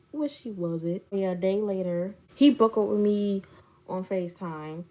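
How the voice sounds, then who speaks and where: A woman's voice: mid-range voice, mellow. A young woman vlogger telling a personal story in a blunt, indignant, slangy way. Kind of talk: storytime chat.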